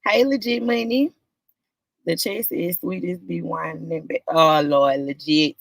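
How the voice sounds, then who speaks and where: A woman hosting a live stream, greeting viewers one by one in a casual chat, with drawn-out greetings that jump up high. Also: expressive, creaky, no room sound. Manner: warm, drawn-out greetings with sudden high lifts.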